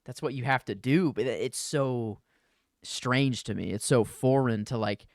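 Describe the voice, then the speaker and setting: A man musing aloud in a casual podcast chat, mid-pitched and rambling, circling his thoughts with fillers. The sound is dry and close. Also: measured pace, dry recording. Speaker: podcast co-host.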